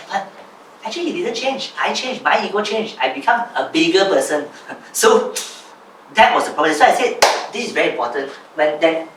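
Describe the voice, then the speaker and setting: A man, coaching a small group in an animated way and reading aloud from his own journal. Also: high voice, a little fast, noisy background. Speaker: business coach. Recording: roomy, voice from a distance, faint ambience.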